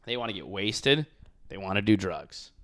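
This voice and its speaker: A young man in casual podcast chat, telling stories in a profane, animated way. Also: fairly low pitch, moderate pace.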